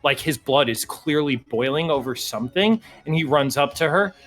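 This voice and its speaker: A man's voice: on the high side, animated, normal speed, fairly bright tone. A man narrating and running a tabletop game as game master on a live stream, in a laid-back, rambling manner.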